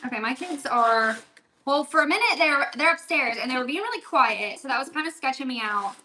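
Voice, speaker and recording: A woman's voice: sits high, animated, a little fast, pushed and bright, a little hiss or hum. A woman hosting a casual crafting livestream from her home table, chatting and answering viewer comments as she works. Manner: chatty, reads viewer comments aloud while working. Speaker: livestream seller host.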